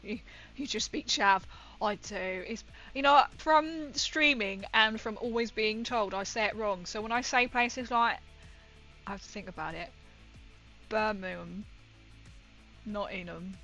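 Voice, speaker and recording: Bright-voiced northern English woman streamer. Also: mid-range voice, unhurried, low-quality recording. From northern England. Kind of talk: casual livestream chat while painting. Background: faint music.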